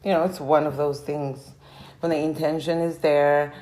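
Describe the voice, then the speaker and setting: A woman's voice: sits low, flat delivery, moderate pace, dark tone, rough recording. A young woman vlogging a casual, meandering life update, her throat sore and strained from talking. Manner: meandering, reflective, trailing off.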